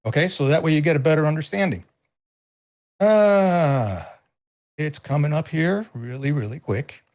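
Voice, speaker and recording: A middle-aged co-host with a high yet somewhat dark-toned voice covers politics on a relaxed stream at normal speed. Emphatic and prone to repeating himself, he swears freely.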